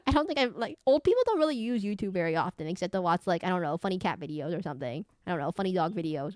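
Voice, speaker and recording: A woman's voice: lowish voice, expressive, racing, hardly any pauses, darkish tone, dry recording, clean studio sound. Rambling, giggly woman streamer in her thirties. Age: 30s. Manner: rambling, giggly, filler-heavy. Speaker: VTuber streamer. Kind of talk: casual gaming stream chat.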